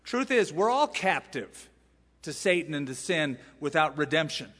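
A man's voice: a little high, very animated, normal speed, fairly bright tone. A male pastor preaching an expository sermon, emphatic and full of rhetorical questions and asides. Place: large church sanctuary. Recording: long reverb in a large hall.

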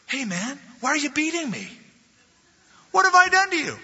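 A man's voice: extremely high pitch, wildly swooping pitch, moderate pace, bright, forceful tone, voice pushed up, heavily acted. A man voicing an indignant talking male donkey in a sermon retelling. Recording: dull echoey hall recording.

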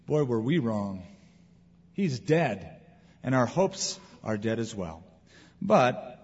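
Husky-voiced preacher in a reverberant hall. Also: male voice, on the high side. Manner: expressive preaching with wide swings in loudness. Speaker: pastor. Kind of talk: sermon. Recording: dull lo-fi recording in a reverberant hall.

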